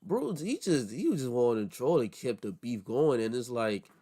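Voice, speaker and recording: A man's voice: mid-range voice, very animated, moderate pace, mellow. A man hosting a reaction video, talking in loose, rambling commentary that stumbles and restarts often.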